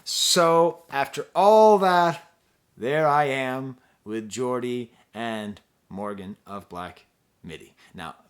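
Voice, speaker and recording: A middle-aged man talks straight to camera as a music reviewer, telling a long story in a loose, rambling way. He keeps mocking himself and restarting his sentences, and his voice sits at an ordinary middle pitch. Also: slow pace, clean tone. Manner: rambling, self-deprecating, animated with many restarts. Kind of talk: casual vlog storytelling.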